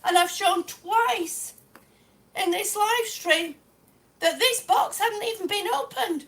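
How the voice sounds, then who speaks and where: Exasperated high-voiced woman on a live stream. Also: slow pace, fairly bright tone. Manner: exasperated, sarcastic, swears. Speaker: vlogger. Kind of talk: live-stream product complaint. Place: home, indoors.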